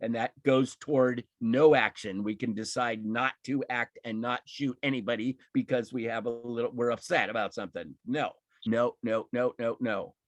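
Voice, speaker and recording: A man's voice: mid-range voice, fairly even intonation, normal speed, hardly any pauses, no room sound, highs cut off. A man teaching an online emotional intelligence class, talking in an emphatic, fired-up way with frequent laughs and restarts. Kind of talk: live online class, impassioned talk.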